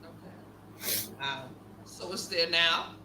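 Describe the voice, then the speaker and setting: Man, bright sharp voice, co-host, short encouraging replies, echoey room. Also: fairly high pitch, slow, slight background noise. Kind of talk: interview show chat. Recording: roomy echo.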